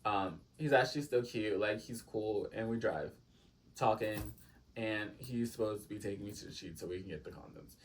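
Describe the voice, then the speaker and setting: A young man telling a casual, gossipy story time, full of "like" fillers and animated quoted exchanges. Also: lowish voice, normal speed, distant mic, a little hiss or hum.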